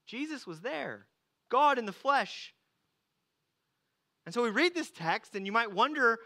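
A man preaching a sermon, earnest, moving from loud emphatic lines to slow, hushed ones. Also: extremely high pitch, lively intonation. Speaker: pastor.

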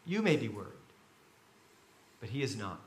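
A man preaching a sermon as pastor, telling stories with animated, sudden loud bursts. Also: medium pitch, moderate pace, reverberant. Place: church.

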